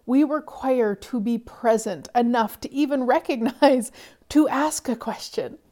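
Soft middle-aged woman coach, mellow warm tone, sighs a lot, slips into whispers. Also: fairly high pitch, measured pace. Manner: soft-spoken, sighs often, drops to whispers. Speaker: money mindset coach. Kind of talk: motivational talk.

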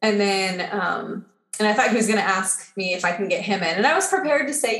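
A woman's voice: mid-range voice, brisk. Chatty woman telling a story, roomy echo. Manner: animated, filler-heavy, acts out quoted dialogue. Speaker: guest. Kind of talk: casual storytelling in a podcast chat.

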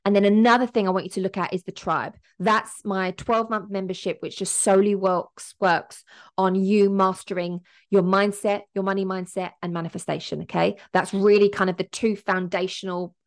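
A woman, hosting a solo podcast as a business coach and talking in an emotional, upbeat, motivational way. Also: medium pitch.

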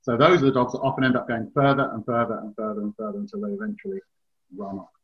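A man's voice: medium pitch, animated, fast talker. Chatty man giving dog advice. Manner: chatty, explains at length. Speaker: dog trainer, podcast host. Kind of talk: casual advice chat. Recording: slightly dull, lo-fi sound.

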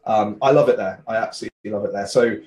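A man's voice: on the low side, quick pace, poor audio. Podcast guest, young man, West Country English accent, easygoing and friendly. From West Country, England. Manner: relaxed, friendly, uses fillers. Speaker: guest, hot sauce maker. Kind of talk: casual chat.

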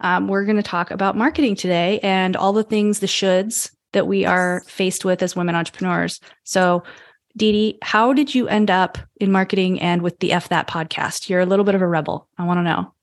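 A woman's voice: on the low side, steady tone, a little fast, no echo. A woman hosting a podcast, reading an upbeat scripted intro and then chatting loosely with her guest. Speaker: podcast host.

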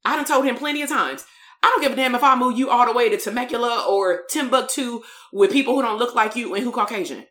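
A woman's voice: a little high, fast, a bit bright, roomy sound. A middle-aged woman who is a therapist and business coach, telling a candid story to a live audience in a blunt, streetwise way and swearing freely.

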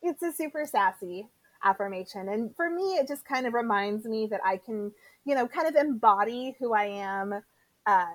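Earnest, quick-talking woman guest, dry sound. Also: a little high, lively intonation, no room sound, rough recording. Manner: earnest, quick, sometimes tripping over her words. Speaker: podcast guest. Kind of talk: casual podcast chat.

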